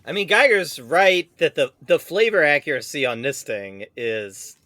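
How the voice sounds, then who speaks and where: Blunt, dry-witted podcast co-host. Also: male voice, fairly high pitch, animated, normal speed, bright, forceful tone, dry recording. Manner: blunt, dry put-downs. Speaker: podcast co-host, snack taster. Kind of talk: casual comedic chat.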